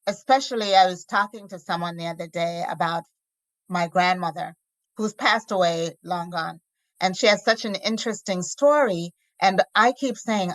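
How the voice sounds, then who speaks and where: A woman hosting a podcast interview, enthusiastic and quick to laugh. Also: lowish voice, no echo, low-quality recording. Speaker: podcast host.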